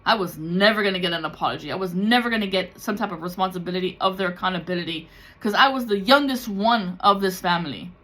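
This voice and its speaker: A female tarot reader and spiritual creator vlogs in a raw, confessional way, swearing liberally and slipping into the voices of people she quotes. Her mid-range voice is fairly bright, and she talks fast with few pauses.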